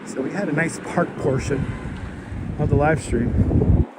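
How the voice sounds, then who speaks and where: A man's voice: on the high side, unhurried. A man hosting a casual walking live stream outdoors on a city street, chatting with viewers and the animals he passes. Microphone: wireless clip-on mic. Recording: outdoor street traffic noise.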